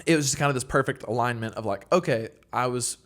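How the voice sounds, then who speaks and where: A man's voice: mid-range voice, fast talker. A young man, a worship leader and songwriter, telling stories in a casual podcast interview with lots of fillers. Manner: rambling, filler-heavy, animated storytelling.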